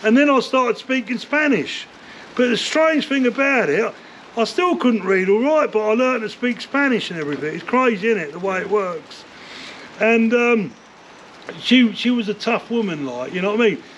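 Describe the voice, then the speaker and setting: An older man, telling rough stories from his past in a rambling interview, swearing often and filling gaps with "like, you know.". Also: high-pitched, animated, moderate pace, a bit bright. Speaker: interview guest, former bare-knuckle fighter. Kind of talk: casual storytelling interview. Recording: dull lo-fi sound with faint noise.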